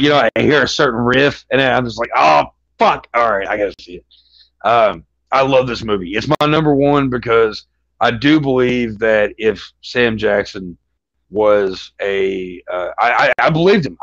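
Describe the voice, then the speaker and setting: A man in casual podcast talk, rambling through his thoughts with plenty of restarts and swearing. His voice sits mid-pitch, recorded close and dry. The sound is dull and lo-fi. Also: a bit bright, no room sound. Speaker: podcast co-host. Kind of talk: casual chat about movies.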